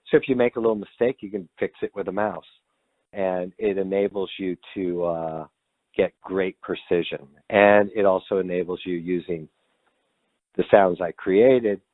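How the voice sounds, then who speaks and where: A low-pitched man talks as a composer guest in a casual interview, candid and animated, with salty language now and then. His voice comes through a tinny, phone-like line. The sound is dry, with no room echo. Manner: animated, candid, swears freely.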